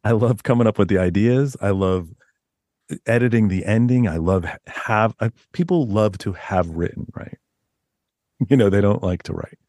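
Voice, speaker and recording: Low-pitched male author, animated rambling storyteller, dry close sound. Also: normal speed, dry recording. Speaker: author guest. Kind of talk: casual podcast interview.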